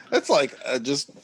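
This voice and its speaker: A man's voice: medium pitch, a little hiss or hum. A man co-hosting a podcast, chatting casually and making wry remarks while reading out film summaries. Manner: wry, reads out film synopses. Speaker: podcast co-host. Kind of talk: casual chat.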